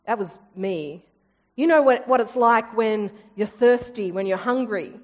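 A woman preaching a sermon, lively and storytelling, with humorous asides. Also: on the high side, a little slow, long reverb tail.

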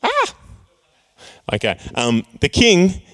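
A young man preaches a relaxed youth sermon. He is chatty and playful, and now and then he slips into jokey character voices as he talks the audience through slides. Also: medium pitch, moderate pace. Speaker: youth pastor.

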